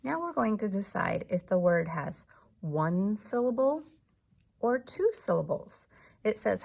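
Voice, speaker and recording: Slow, gravelly woman teaching young children. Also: medium pitch, big pitch swings, a little mellow. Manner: slow, patient, clapping out syllables. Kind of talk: classroom lesson for young children.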